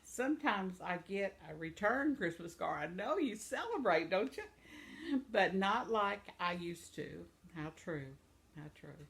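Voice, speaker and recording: A woman's voice: mid-range voice, gravelly. An older woman hosting a video channel, reading viewer comments aloud in a rambling, chatty way and laughing often. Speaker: vlog host.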